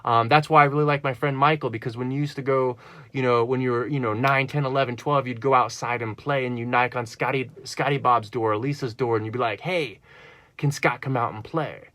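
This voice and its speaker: A man's voice: medium pitch, steady tone, brisk, sharp tone, no echo. A man talking in a rambling personal monologue, earnest and full of fillers and restarts. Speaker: vlogger.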